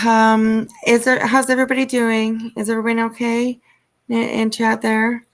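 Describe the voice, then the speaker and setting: A woman hosting a livestream, reading news aloud and commenting in a halting way with frequent ums and uhs. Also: a little high, flat delivery. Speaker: livestream host.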